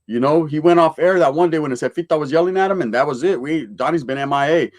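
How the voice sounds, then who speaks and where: A man hosts a laid-back livestream, reading viewer comments aloud in street slang sprinkled with Spanish words. His voice is on the high side and he talks fast.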